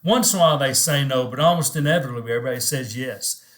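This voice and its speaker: A man's voice: mid-range voice, fast talker, fairly bright tone. Middle-aged male minister, plain earnest delivery, casual encouraging talk to camera.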